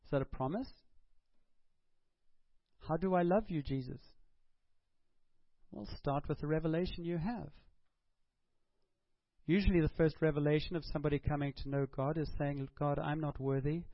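A man's voice: a little high, fairly even intonation, moderate pace, pauses often, no room sound, muffled recording. A man preaching a sermon, asking rhetorical questions and acting out prayers and dialogue.

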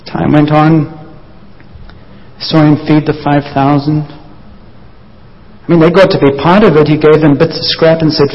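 A man's voice: fairly high pitch, level tone, unhurried, long pauses. A man preaching a sermon, telling the story vividly and briefly acting out the voices of the people in it. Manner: storytelling, acts out voices of disciples. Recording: dull sound, long hall reverb.

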